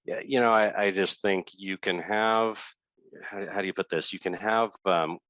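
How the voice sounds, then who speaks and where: A man's voice: low-pitched, fairly even intonation, moderate pace, a bit bright, dry recording, lo-fi sound. A man who founded and runs a company, answering interview questions in a hesitant way with many fillers and restarts.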